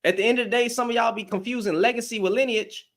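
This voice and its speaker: A man's voice: very high voice, fairly even intonation, fast, creaky, a bit bright. A man giving a blunt, profane opinion rant to camera, firing off rhetorical questions as a commentary vlogger.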